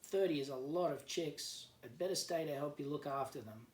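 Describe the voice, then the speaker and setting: A man's voice: on the high side, normal speed, darkish tone, recorded from a distance, close to an everyday voice. A man voicing a stern, commanding mother emu, recorded in an echoey room a little off the mic. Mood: bossy. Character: stern mother emu, bossy then proud.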